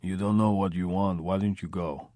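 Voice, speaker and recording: A brooding Russian crook voiced by a man narrating a crime audiobook speaks in a quiet, guttural Russian accent. His voice sits very low and sounds close and dry, every answer short and stonewalling. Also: fairly even intonation, normal speed, no room sound, lightly acted. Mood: sullen.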